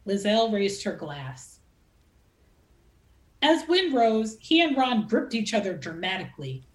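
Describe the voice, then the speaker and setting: A woman novelist reading aloud from her own novel with an expressive, dramatic delivery. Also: medium pitch, a little slow. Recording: echoey room.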